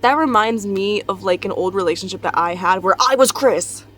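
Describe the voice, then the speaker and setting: A young vlogger, tired and newly out of bed, talks candidly from her bedroom in a rambling, confessional way, with frequent swearing and laughter. Her mid-range voice has a fairly bright tone and moves at normal speed.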